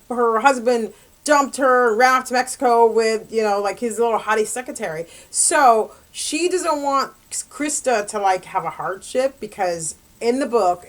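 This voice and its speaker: A woman retelling a romance novel's plot in a casual, rambling book review, full of fillers and asides. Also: a little high. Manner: rambling, chatty, lots of fillers and "like".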